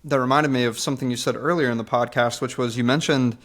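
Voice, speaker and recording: Male podcast host, mid-pitched, polite and a little hesitant. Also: steady tone, quick pace, a bit bright. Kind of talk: interview question.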